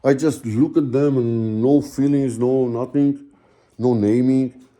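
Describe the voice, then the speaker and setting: Middle-aged guy, really dark mellow voice, talks slow n halting, lots of uh and you know. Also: medium pitch, fairly even intonation. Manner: halting, searching for words, many fillers. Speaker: guest telling his own story. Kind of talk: slow personal storytelling.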